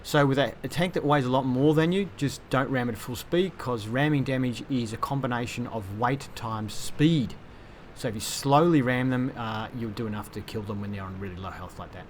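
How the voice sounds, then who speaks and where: A man's voice: medium pitch, normal speed, a little hiss or hum. A man reviewing a video game, chatty and self-deprecating, with casual fillers. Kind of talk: gameplay commentary.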